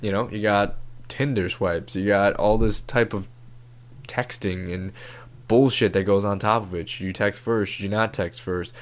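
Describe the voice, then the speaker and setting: A man's voice: on the low side, steady tone, moderate pace. A man hosting a comedy podcast, giving relationship advice in a casual, profane, laid-back way. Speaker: podcast host.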